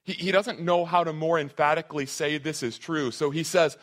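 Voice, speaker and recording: A man's voice: fairly high pitch, normal speed, hardly any pauses, fairly bright tone. A man preaching a sermon to his congregation in an earnest, conversational way, often restarting his phrases. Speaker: pastor.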